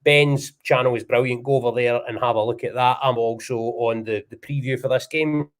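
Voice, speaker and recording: A Scottish man hosting a football podcast in casual chat, quick asides, stumbling now and then over his words. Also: medium pitch, fairly even intonation. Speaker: podcast host.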